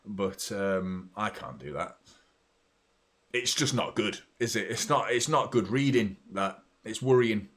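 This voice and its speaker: A middle-aged man, hosting a live football watchalong, chatting and reacting loudly to the play, with some swearing. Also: lowish voice, a little slow. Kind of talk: live match watchalong commentary.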